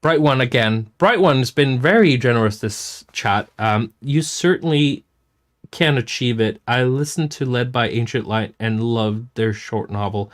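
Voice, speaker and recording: Guy rambling through chat comments on a stream, keeps restarting sentences, swears a bit, middle pitch. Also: unhurried. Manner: rambling, self-interrupting, swears casually. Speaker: music producer hosting a chat stream. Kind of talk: casual livestream chat reading comments.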